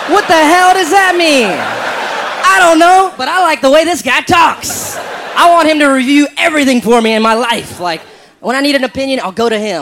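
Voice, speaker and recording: A man's voice: extremely high pitch, lively intonation, moderate pace, a bit bright, slight background noise. A man from South Carolina doing a stand-up comedy set, wry and incredulous as he tells a story.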